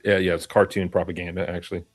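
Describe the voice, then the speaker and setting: A man who is an actor, chatting casually on a panel, often trailing off into fillers and halting restarts. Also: low voice, level tone, no room sound, clean studio sound, soft background music.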